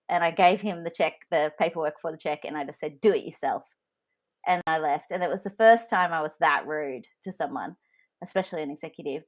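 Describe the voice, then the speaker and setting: Low-pitched and moderately paced, this podcast co-host is a woman sharing candid stories about her own job. Her storytelling is frank, set in a casual chat.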